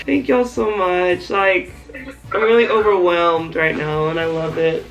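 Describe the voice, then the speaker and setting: A woman's voice: on the low side, measured pace, lo-fi sound, soft background music. A woman vlogging at home, gushing and laughing as she unboxes a care package. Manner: excited, gushing, often laughing. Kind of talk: casual vlog unboxing.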